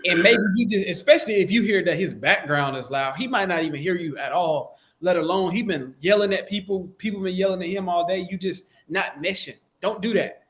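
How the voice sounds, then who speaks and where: A man from the States, coaching in a relaxed, slangy, conversational way on a close microphone. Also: high-pitched, a little fast, hardly any pauses. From Southern United States. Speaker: sales coach. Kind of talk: casual instructional talk.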